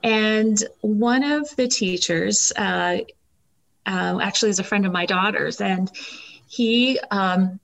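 A woman's voice: mid-range voice, slow, vocal fry, low-quality recording. Middle-aged woman sharing a touching story, lots of ums, heartfelt and emotional. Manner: emotional, warm storytelling with many fillers. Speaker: guest.

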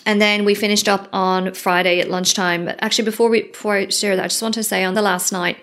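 A woman's voice: medium pitch, level tone, fast, fairly bright tone. A woman hosting a solo podcast, speaking candidly and effusively and swearing casually. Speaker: podcast host.

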